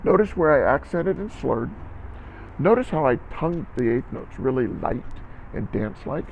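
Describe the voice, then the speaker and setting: A man's voice: medium pitch, big pitch swings, moderate pace, vocal fry, a little mellow, highs cut off, slight background noise. A man teaching a recorded band lesson to students, encouraging them and counting beats aloud.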